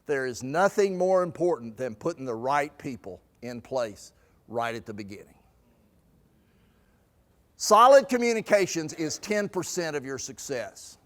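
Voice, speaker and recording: A man's voice: fairly high pitch, unhurried. A man presenting a stewardship seminar, telling anecdotes and acting out the people in them. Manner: lively storyteller acting out quoted people. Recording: long hall reverb.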